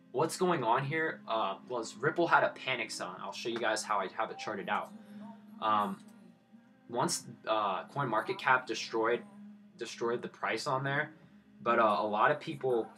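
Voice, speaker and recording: A young man in his twenties streams his crypto trading in a bright, forceful voice, blunt and sprinkled with swearing. He lectures his viewers in loose live commentary, with faint music playing underneath. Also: mid-range voice, normal speed. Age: 20s.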